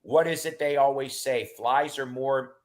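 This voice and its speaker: A man's voice: mid-range voice, measured pace. A middle-aged man rambling through casual stories in a chat, with lots of fillers and restarts. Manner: rambling and animated, with many fillers.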